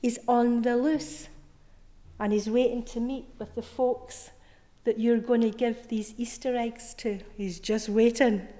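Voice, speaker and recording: Slow, earnest woman preaching in a reverberant church. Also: on the high side, steady tone. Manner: earnest storytelling, soft emphatic repetition. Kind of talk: Easter sermon.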